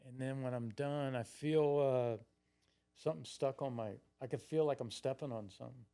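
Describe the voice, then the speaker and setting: A man's voice: medium pitch, a little fast, warm tone, clear, resonant tone. A man in his sixties, a podcast guest telling rambling stories, swearing constantly and acting out what he once said. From Florida, United States. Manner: rambling, heavy swearing, acts out his own past lines. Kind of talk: casual storytelling.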